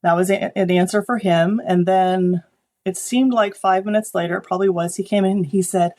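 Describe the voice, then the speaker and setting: A woman photographer, a guest on an interview show, telling animated stories about client work and acting out the people she quotes. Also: medium pitch, normal speed. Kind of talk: conversational interview.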